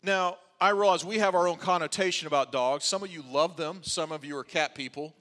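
A man preaches a sermon in a high, clear voice, mixing careful teaching with wry, joking asides. His words ring out with a long reverb in a church sanctuary. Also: brisk, fairly bright tone. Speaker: pastor.

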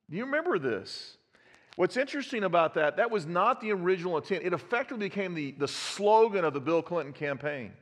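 A man's voice: sits high, sing-song, fast talker. A man, preaching a conversational sermon and putting questions to his congregation. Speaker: pastor. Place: church sanctuary. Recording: long reverb of a church hall.

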